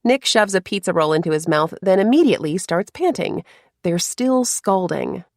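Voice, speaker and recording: A woman narrating a first-person romance story in a soft, confiding way, with hushed asides. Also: fairly low pitch, lively intonation, normal speed, no echo, studio quality.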